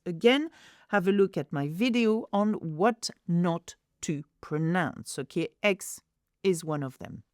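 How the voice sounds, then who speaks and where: Woman, teacher, slow and animated delivery, dry close recording. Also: mid-range voice, no room sound. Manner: slow, clear modelling of French words, then explaining in English. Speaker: French teacher. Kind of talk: pronunciation lesson.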